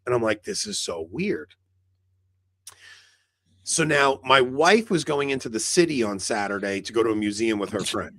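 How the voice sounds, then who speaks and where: A man's voice: mid-range voice, a little fast, few pauses, fairly bright tone, no echo. A man co-hosting a podcast in casual chat, telling a long rambling story full of "like" fillers and acted-out dialogue. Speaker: podcast co-host.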